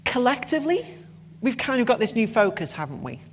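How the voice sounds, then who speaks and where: A woman's voice: a little high, very animated, fairly quick, a little hiss or hum. Passionate woman giving a conference talk. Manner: passionate, emphatic, swears when annoyed. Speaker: conference speaker.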